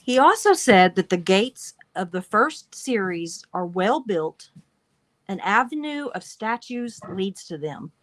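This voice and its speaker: A woman's voice: mid-range voice, sing-song, slow pace, no echo. A woman hosting a livestream, reading passages aloud and adding wry asides between them. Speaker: livestream show host.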